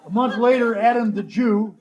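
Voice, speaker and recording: A man's voice: high-pitched, steady tone, moderate pace, muffled recording, noisy background. A man speaking at a recovery convention, telling a story in a blunt, wry way and acting out the dialogue he quotes. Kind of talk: storytelling talk to a convention audience.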